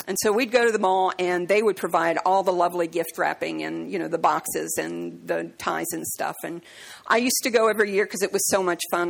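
A woman preaching a sermon, telling stories and acting out conversations in a raised voice, slowing down to stress key words. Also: gravelly. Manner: acts out dialogue in a high voice, slows for emphasis. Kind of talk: sermon with storytelling.

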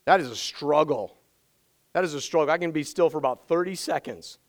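A man preaching a sermon as pastor, energetic and emphatic, repeating his key phrases, his voice strained from yelling the day before. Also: a little high, a little fast, vocal fry, rough recording.

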